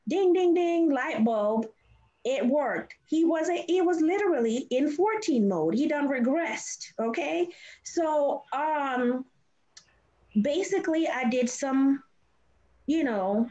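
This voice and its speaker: A middle-aged woman tells her foster-care story in lively, animated chat, laughing often. Her voice sits fairly high. The livestream audio is dull and lo-fi. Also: slow pace. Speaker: foster and adoptive parent guest. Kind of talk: casual interview storytelling. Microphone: video call.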